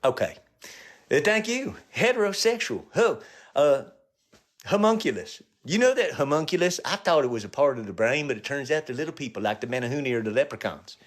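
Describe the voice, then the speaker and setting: A middle-aged male comedian riffing crude jokes to viewers on a phone live stream, dropping to low mutters and jumping to high yelps. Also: very animated, a little fast.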